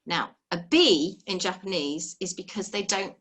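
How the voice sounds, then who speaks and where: A woman's voice: lowish voice, a little slow, fairly bright tone, breathy edge. A woman teaching a live online language lesson, explaining patiently step by step and encouraging her students over a video call.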